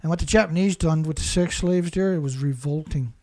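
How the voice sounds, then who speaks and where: A male show host launches into an angry, insult-filled monologue, ranting and repeating himself. His voice is a little high and dark in tone, and he speaks briskly.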